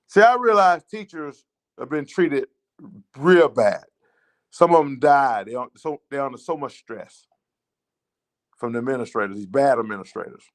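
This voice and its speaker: A man's voice: medium pitch, animated, moderate pace, pauses often. A man with a Southern American accent telling an emotional story as a show host, repetitive and rising with indignation. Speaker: teachers' association advocate hosting a show. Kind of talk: impassioned spoken monologue.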